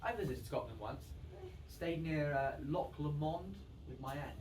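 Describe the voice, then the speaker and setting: A woman's voice: low-pitched, expressive, unhurried, a little mellow, slight background noise. A woman playing an anxious, flustered carer. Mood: gentle, curious. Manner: apologetic, flustered, hesitant. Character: anxious young woman hospital carer, English. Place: theatre stage. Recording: echoey stage audio from far off.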